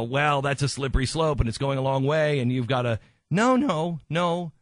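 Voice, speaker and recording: A man hosts a radio talk show with an impassioned, emphatic delivery, circling back to repeat his points for weight. His voice sits at an ordinary middle pitch. The studio sound is close and dry, with no room around it. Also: no echo.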